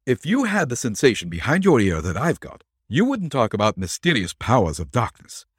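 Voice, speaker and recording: A man's voice: medium pitch, huge pitch swings, moderate pace, slightly rough, no room sound, clean studio sound, voice pushed up. A man voicing a stubborn male detective who talks in a blunt, sardonic way. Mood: indignant.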